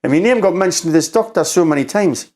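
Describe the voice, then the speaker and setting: A man with a Geordie accent, a podcast guest telling a story in a rambling, halting way, acting out quotes with "I says". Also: sits high, darkish tone. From Newcastle, England. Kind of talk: casual storytelling conversation.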